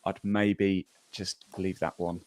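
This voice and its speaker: Guy hosting a golf podcast, easygoing, lots of ums, low voice. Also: flat delivery, slow pace, a little mellow, slight background noise. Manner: chatty, laughs often, reads scores with fillers. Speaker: podcast host. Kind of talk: casual golf news chat.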